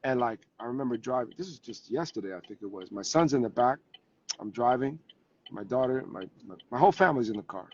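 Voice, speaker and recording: A man, a guest actor and advocate, tells animated stories about parenting while sitting in his car on a video call. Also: medium pitch, fast, slight background noise. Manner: animated storyteller, acts out family scenes. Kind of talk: casual interview over video call. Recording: dull lo-fi call audio.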